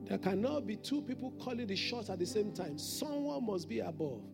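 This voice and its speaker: A man's voice: sits high, animated, moderate pace, vocal fry, over music. A man preaching a Sunday sermon as senior pastor, emphatic and repeating his declarations.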